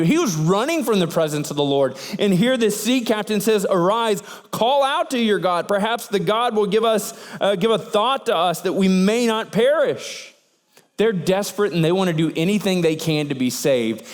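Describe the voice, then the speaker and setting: Man, pastor, sermon, animated storyteller, high-pitched, long hall reverb. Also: normal speed. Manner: animated storytelling, acts out sailors' voices.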